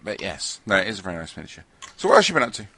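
A man's voice: low-pitched, big pitch swings, rapid-fire, bright, forceful tone, slight background noise. A man co-hosting a hobby podcast, bantering and teasing with frequent laughs. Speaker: podcast co-host. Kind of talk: casual banter.

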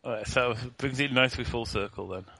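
A man joins a casual podcast chat with a bright, mid-pitched voice. He talks in a matter-of-fact way and gently corrects the details. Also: fast talker, no echo. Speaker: podcast co-host.

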